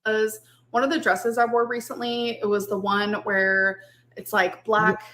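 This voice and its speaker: Woman vlogger, chatty haul narration, upbeat, mid-pitched. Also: level tone, measured pace, pushed and bright, a little hiss or hum.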